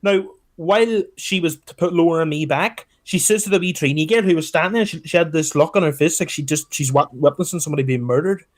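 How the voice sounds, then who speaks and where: A young man tells a story on a podcast. He is animated and swears freely. He often slips into the voices of the people he describes. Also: fairly high pitch, quick pace, few pauses. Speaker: podcast co-host. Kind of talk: casual storytelling chat.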